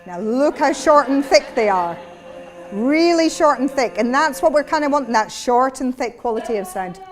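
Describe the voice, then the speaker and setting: Music plays beneath a woman giving a workshop lecture as a vocal coach, who breaks into sound demos and voice exercises for a live audience. She has a high, expressive voice and keeps a moderate pace.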